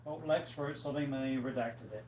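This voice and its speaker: A man's voice: medium pitch, fairly quick. Tired man hosting a chatty livestream, mid-range voice, recorded in a roomy space with light background noise. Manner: relaxed, chatty, reads out viewer comments. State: tired, yawning. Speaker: livestream host. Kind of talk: casual chat with viewers. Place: home room with fish tanks. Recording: echoey room, faint background noise.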